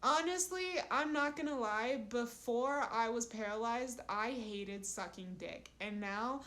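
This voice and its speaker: A young woman in her twenties talks to her live-stream chat in a loose, rambling way. Her voice sits a little high and she takes her time. She giggles between sentences and is frank about crude topics. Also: unhurried, fairly bright tone. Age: 20s.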